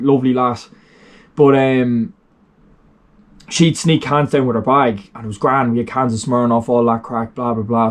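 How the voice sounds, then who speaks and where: A man's voice: mid-range voice, a little mellow. Sweary rambling Irish young man. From Ireland. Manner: rambling, sweary, lots of fillers. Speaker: vlogger. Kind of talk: casual unscripted storytelling.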